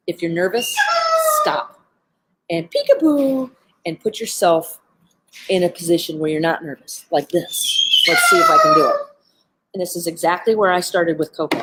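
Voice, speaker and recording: Sitting among birds at an animal center, a woman trainer of animal behavior shares sincere, heartfelt guidance during a live stream, often saying "um." Her voice is mid-range, and the poor-quality audio carries slight background noise.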